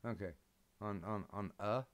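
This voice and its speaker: A man's voice: lowish voice, a little slow. A man hosting a casual live stream, hesitant with lots of ums, swearing bluntly now and then. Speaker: streamer host.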